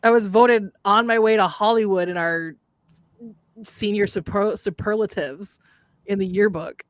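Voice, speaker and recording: A woman's voice: medium pitch, steady tone, measured pace, no room sound. Chatty woman with a light Minnesota accent. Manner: chatty, rambling, drops in Norwegian words. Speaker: livestream co-host. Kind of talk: casual chat. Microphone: remote streaming setup.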